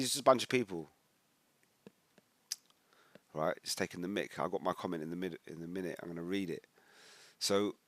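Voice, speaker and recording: A British man talks in a deep, low register, rambling conversationally as he reads comments aloud and breaks into emphatic bursts. The sound is dry and close, with no room echo. He moves from casual commentary into scripture teaching. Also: fairly bright tone. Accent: British English. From United Kingdom. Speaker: religious commentator. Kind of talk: casual commentary reading social media posts.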